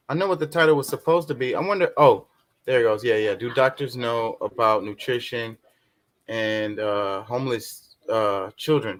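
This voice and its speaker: Profane, flustered young host. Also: male voice, medium pitch, fairly bright tone. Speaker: show host. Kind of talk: casual livestream chat.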